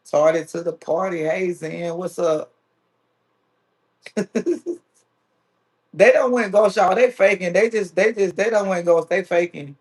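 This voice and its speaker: A man's voice: high-pitched, moderate pace, hardly any pauses. A man hosting a live stream who chats casually and teases his viewers, reading their comments aloud. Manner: playful, teasing, reads viewer comments aloud. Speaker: livestream host.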